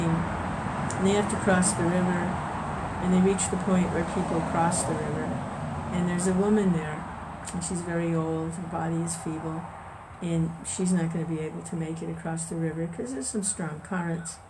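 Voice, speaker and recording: A woman gives a relaxed spiritual talk in a fairly low voice. She speaks conversationally, restarting sentences and chuckling as she tells a story. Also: heavy background noise. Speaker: devotional discussion leader.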